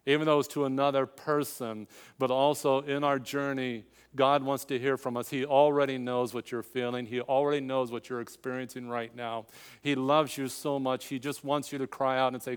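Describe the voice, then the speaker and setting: Older man preaching, smooth resonant voice. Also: mid-range voice, little pitch movement, moderate pace, long reverb tail. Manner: storytelling with quoted dialogue, rising to emphatic climaxes. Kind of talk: sermon with personal story.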